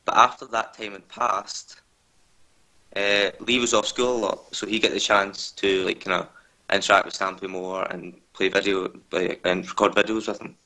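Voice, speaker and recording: A nervous man speaking as an interview guest over a video call. His low voice has a bright edge, and he talks hesitantly, leaning on filler words as he tells his story. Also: level tone, normal speed, low-quality recording. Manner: hesitant, full of "kinda" and "like".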